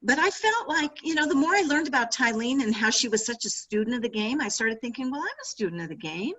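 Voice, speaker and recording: A middle-aged woman, an author, telling animated anecdotes in an interview over a video call. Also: a little high, fast, rough recording. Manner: animated anecdotes with laughter and restarts. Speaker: author and former sportswriter. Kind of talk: storytelling interview answers.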